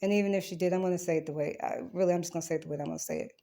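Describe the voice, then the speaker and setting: A woman's voice: on the low side, fairly even intonation, racing, gravelly, mellow. Woman rambling through a defensive account. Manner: rambling, defensive, swears, many restarts. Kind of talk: recorded account of a dispute.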